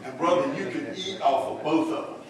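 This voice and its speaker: A man's voice: on the high side, fairly quick. A man teaching a church Bible lesson in a folksy way, putting questions to his class. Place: church room. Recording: echoey room, voice from far off, faint hiss.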